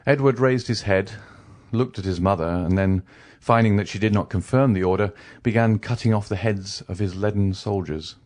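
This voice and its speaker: A man narrating a classic novel as an audiobook, reading in a measured way. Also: on the low side, a little mellow. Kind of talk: scripted narration.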